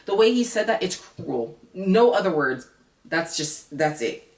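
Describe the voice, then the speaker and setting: A woman with a low voice gives a blunt, profanity-filled rant as she reviews a reality show for her vlog. She sits some distance from the mic, and her voice echoes around the room. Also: moderate pace. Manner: blunt, profane, animated ranting.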